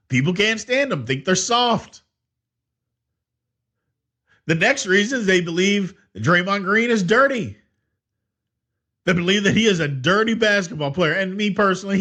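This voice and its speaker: An opinionated man talks through a solo sports podcast episode. His voice sits high for a man and swings widely in pitch as he argues his points. He restarts his sentences often. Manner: opinionated, animated, with many restarts and "I mean". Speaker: podcast host.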